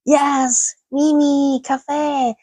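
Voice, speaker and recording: Woman streamer, unhurried rambling chat with viewers, laughs a lot, dry close mic. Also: sits high, level tone, warm tone, no echo, low-quality recording. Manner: chatty, rambling, laughs often, reads chat aloud. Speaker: livestream host. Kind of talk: casual livestream chat with viewers.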